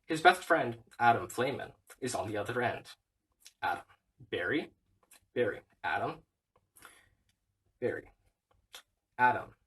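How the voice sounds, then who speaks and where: A man's voice: medium pitch, lively intonation, a little slow, long pauses, a bit bright, distant mic, low-quality recording. Man reciting a script, heard from afar. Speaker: reader. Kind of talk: reading a script aloud.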